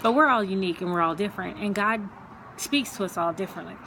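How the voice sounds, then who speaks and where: A woman's voice: mid-range voice, quick pace, background noise. A woman sharing a personal faith testimony at home, in an earnest, conversational way with many fillers and repeated words. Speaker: Christian speaker sharing her testimony.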